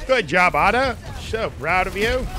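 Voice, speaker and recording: Male streamer, high-pitched, excitable running commentary while playing. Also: measured pace. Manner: excitable, jokey, repeats phrases. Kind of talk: live gameplay commentary.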